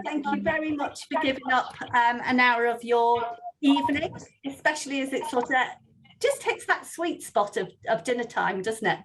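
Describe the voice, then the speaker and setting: Woman host, fairly high voice, chatty with ums, video-call audio with faint noise. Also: moderate pace. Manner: chatty, friendly, with many ums. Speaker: meeting host for volunteers. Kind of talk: online meeting talk.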